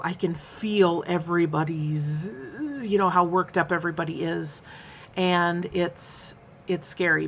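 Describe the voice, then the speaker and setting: A woman's voice: lowish voice, creaky, a bit bright, a little hiss or hum. A woman in her fifties talking candidly in a personal vlog, earnest and rambling, with many fillers and restarts. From United States. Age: 50s. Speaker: vlogger.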